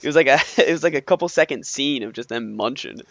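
A man chatting casually about a film, laughing as he retells scenes. His voice sits at an ordinary middle pitch. The sound is dry and close, with no room behind it. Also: lively intonation, quick pace, gravelly, no echo. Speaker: podcast co-host. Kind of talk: casual movie chat.

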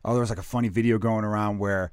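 An American man hosting a podcast, telling stories in an animated, profane, casual way. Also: lowish voice, rapid-fire, smooth, no echo, clean studio sound. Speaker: podcast host.

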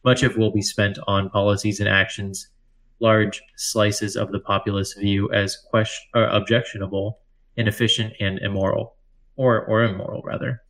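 A man's voice: on the low side, little pitch movement, moderate pace, fairly bright tone. A man co-hosting a casual podcast, reading news aloud and joking, tripping over foreign words. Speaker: podcast co-host. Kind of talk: casual chat.

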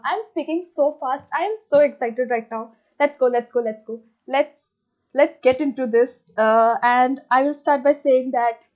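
Young female book vlogger, excitable and gushing, slightly high voice, muffled lo-fi recording. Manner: gushing, excitable, many fillers. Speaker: book reviewer. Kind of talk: casual book review vlog. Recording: slightly dull lo-fi audio.

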